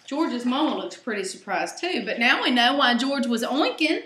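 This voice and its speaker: A woman reading a picture book aloud to children, with animated, sing-song delivery and direct questions to her young listeners. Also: mid-range voice, measured pace, few pauses. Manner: animated, gasping, sing-song, talks straight to kids. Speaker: storyteller host. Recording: roomy echo.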